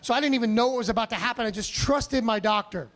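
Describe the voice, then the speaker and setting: A male stand-up comedian telling a story on a comedy club stage, animated, profane and self-mocking. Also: very high-pitched, quick pace.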